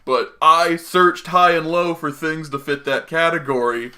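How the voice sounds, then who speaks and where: A young man hosting a casual podcast, excitable and profane, drifting into rambling tangents. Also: fairly high pitch, measured pace. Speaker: podcast host.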